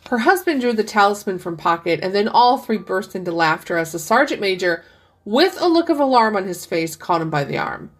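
A woman narrating a classic short story as a podcast reading, measured and steady, slowing for the characters' lines. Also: mid-range voice. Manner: measured storytelling, slows for quoted speech. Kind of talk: scripted audiobook reading.

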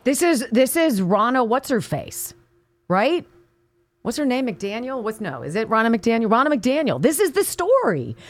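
A woman's voice: on the high side, very animated, moderate pace, no echo. An American woman hosting a talk radio show, delivering an indignant, sarcastic political monologue with emphatic outbursts.

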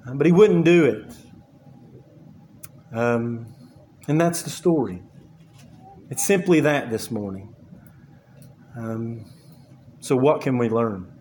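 A man preaching a sermon, earnest and halting, with frequent fillers and repeated words as he works through the scripture. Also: medium pitch, expressive, darkish tone, a little hiss or hum. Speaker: pastor.

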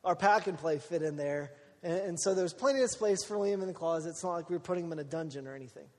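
A man telling a personal story in a sermon, acting out the people he quotes in an animated way. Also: on the high side, quick pace. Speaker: preacher. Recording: long hall reverb.

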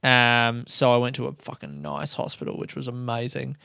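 Young Australian male podcaster, crisp smooth voice, dead-dry close mic, casual sweary storyteller. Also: mid-range voice, sing-song, normal speed, bright, forceful tone, no echo. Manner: sweary, self-mocking, laughs often. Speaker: podcast host.

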